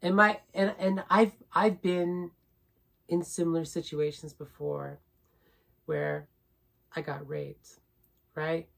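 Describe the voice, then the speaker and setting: A woman's voice: deep voice, little pitch movement, takes it slowly, creaky, long pauses. A woman vlogger telling a personal story in a rambling, repetitive way, often adding "right?" and growing indignant as she stresses her points. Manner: indignant, building emphasis.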